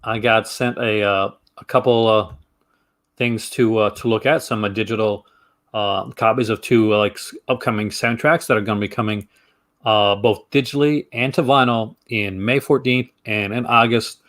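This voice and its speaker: A man's voice: fairly low pitch, steady tone, normal speed, fairly bright tone. A man hosting a film review channel, talking casually to camera in a chatty, rambling way and laughing easily.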